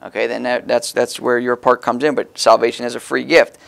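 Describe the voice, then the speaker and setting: A man's voice: mid-range voice, level tone, fairly quick, gravelly, a bit bright. A man preaching a sermon in a folksy, conversational way, stressing key words as he explains the text.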